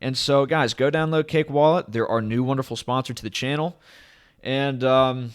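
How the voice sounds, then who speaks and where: A man hosting his own crypto channel talks to camera in a casual vlog, rambling, enthusiastic, and hype-driven. His voice is clean, medium-pitched, and fairly even in intonation at normal speed, picked up by a camera at his desk.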